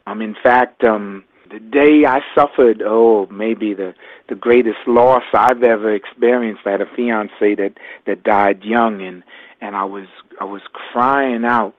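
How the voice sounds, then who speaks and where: An older man, a guest, telling a personal story in a halting, reflective way. He often repeats his words. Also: on the low side, steady tone, no room sound. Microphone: phone line. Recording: tinny phone line.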